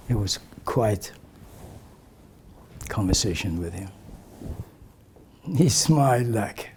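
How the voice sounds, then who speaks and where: An older man telling stories to a gathered audience at an unhurried, deliberate pace. His voice sits a little low and often sinks into a soft, breathy near-whisper, with a faint hush of room sound behind him. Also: expressive, slight background noise. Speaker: community elder sharing memories. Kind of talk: reminiscing talk to a gathering.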